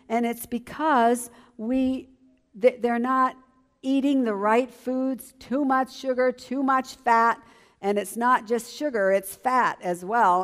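A woman in her seventies giving an enthusiastic church presentation as a health educator. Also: fairly high pitch. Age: 70s. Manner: lively, enthusiastic, emphatic.

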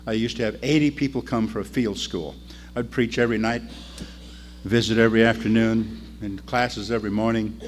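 A man preaching a sermon, telling the story in an animated way that swings between loud and quiet. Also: lowish voice, moderate pace, a little hiss or hum.

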